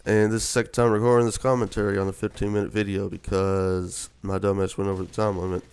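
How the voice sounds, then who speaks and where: A man's voice: fairly low pitch, flat delivery, quick pace, a little mellow, clear, resonant tone. A young man giving casual, rambling commentary over gameplay, sleepy from just waking up, with many fillers. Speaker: gaming video commentator.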